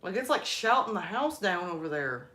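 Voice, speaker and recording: A young woman chatting on her live stream, telling stories with quick laughs. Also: on the low side, big pitch swings, bright, forceful tone. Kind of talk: casual live stream chat.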